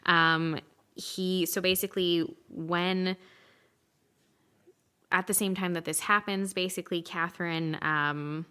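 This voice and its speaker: A woman's voice: lowish voice, fairly even intonation, slow, bright, forceful tone, clear, resonant tone. A woman co-hosting a casual film podcast, retelling a story in a chatty way and swearing offhandedly. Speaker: podcast co-host.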